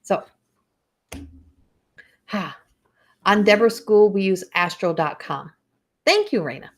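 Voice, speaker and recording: A woman's voice: medium pitch, sing-song, moderate pace. A middle-aged woman, giving a live astrology reading in a chatty way, often repeating herself and acting out inner voices. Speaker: astrology reader.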